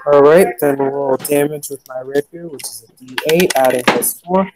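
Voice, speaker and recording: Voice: medium pitch, normal speed, background noise. A player in a casual tabletop game, thinking aloud and counting dice with fillers.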